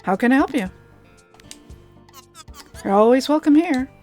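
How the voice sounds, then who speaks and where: A woman's voice: sits high, animated, a little slow, mellow, soft background music, pitched above the performer's own voice. A woman reading the lines of a friendly, knowing small-town woman bartender in her own plain voice, easygoing and welcoming.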